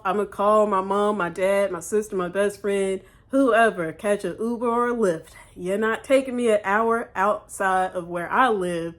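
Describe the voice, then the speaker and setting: A woman's voice: mid-range voice, measured pace, hardly any pauses. A woman hosting a reaction video, giving casual, emphatic commentary. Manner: emphatic, chatty.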